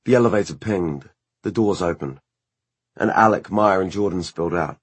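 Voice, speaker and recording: A man reading an audiobook in a measured, even narration style. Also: sits low, breathy edge, dry recording.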